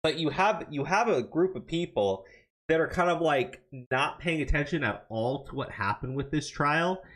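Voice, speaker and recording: A man's voice: on the high side, animated, moderate pace, fairly bright tone. A man co-hosting a casual livestream, reading tips and an article aloud with angry, profane asides and many stammered restarts. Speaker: podcast co-host.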